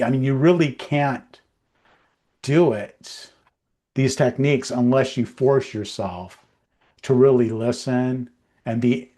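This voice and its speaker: A man's voice: mid-range voice, warm tone. A man co-hosting a livestream podcast, chatting casually and rambling with many fillers and restarts. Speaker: co-host.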